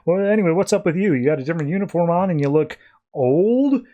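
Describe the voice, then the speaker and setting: A laid-back young superhero who cracks jokes in a breezy way, as a man plays him while recapping a comic. The voice is casual and everyday, pitched a bit high. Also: lively intonation, fast, warm tone, muffled recording, close to an everyday voice. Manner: breezy, wisecracking.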